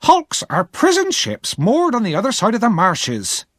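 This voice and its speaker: A man's voice: high-pitched, huge pitch swings, normal speed, fairly bright tone, no echo, clean studio sound, pitched above the performer's own voice, exaggerated voice. A man voicing a harsh, hard-tempered older woman who scolds sharply. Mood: snapping.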